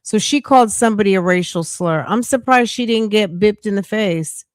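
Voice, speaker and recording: A woman's voice: mid-range voice, normal speed, dry recording. A middle-aged woman hosting a casual livestream, reading news aloud, reacting bluntly and greeting viewers by name with pet names. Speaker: livestream host.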